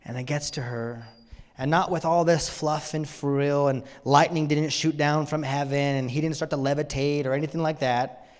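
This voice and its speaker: A male pastor preaching a sermon, swinging from loud emphatic lines to hushed, almost whispered ones. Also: fairly high pitch, steady tone, normal speed, big-room sound.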